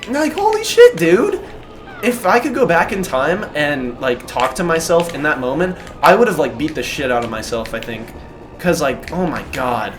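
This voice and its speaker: A man casually telling a personal story in an animated, self-deprecating way, swearing freely. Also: a little high, normal speed.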